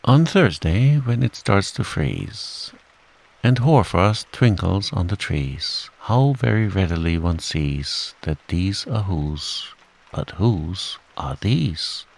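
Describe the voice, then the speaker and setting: A man voicing a gentle, simple-minded young male bear who talks in an earnest, hesitant, mild way. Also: sits low, expressive, slow, creaky, full character voice.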